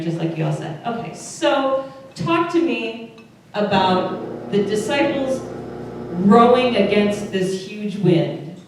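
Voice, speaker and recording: A woman's voice: medium pitch, a little mellow, a little hiss or hum. A woman pastor with an Upper Midwest American accent, giving a conversational sermon and asking her congregation questions. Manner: chatty, asks the congregation questions. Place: church service room. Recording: very echoey room, voice from far off.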